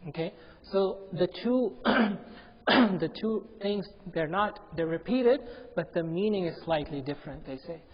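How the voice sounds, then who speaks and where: A man's voice: sits high, lively intonation, a little slow. A man giving a Quranic commentary lecture in a mosque, emphatic and repeating key phrases, chanting Arabic verses between explanations. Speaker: religious teacher. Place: mosque prayer hall. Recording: dull lo-fi with long hall reverb.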